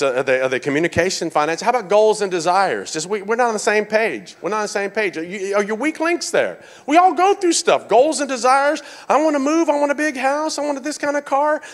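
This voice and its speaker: A male pastor preaching to his congregation in a high, bright voice. He repeats key phrases and calls out to the room for agreement. He talks with energy and humor. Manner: animated preaching with call-outs to the congregation. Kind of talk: sermon.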